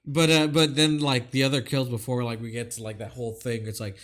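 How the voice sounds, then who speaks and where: A man's voice: mid-range voice, little pitch movement, brisk, a bit bright. A man co-hosting a casual movie review podcast, hesitant and rambling with many fillers. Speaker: podcast co-host.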